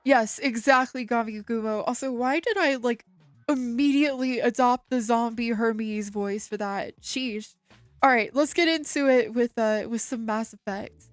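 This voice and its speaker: A woman's voice: a little high, unhurried, no room sound, studio quality, soft background music. A woman streaming a game, recapping the story in casual chat with loose swearing and quoted bits of dialogue. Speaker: VTuber streamer. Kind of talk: casual gameplay commentary.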